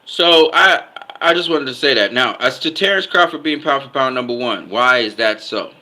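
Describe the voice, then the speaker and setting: A man's voice: medium pitch, animated, normal speed, sharp tone, a little hiss or hum, poor audio. A man giving casual boxing commentary, emphatic, often repeating himself and stopping to ask "okay?".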